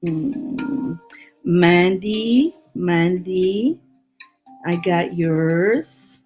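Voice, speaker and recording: A woman's voice: on the low side, dull audio. A woman giving a live tarot reading, chatty with her viewers and laughing often, her voice worn from laughing. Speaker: tarot reader.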